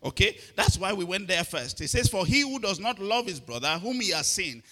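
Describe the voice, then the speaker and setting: A man's voice: high-pitched, sing-song, fairly quick, pushed and bright. A middle-aged man preaching a sermon, often asking if listeners are following and repeating his words. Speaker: pastor.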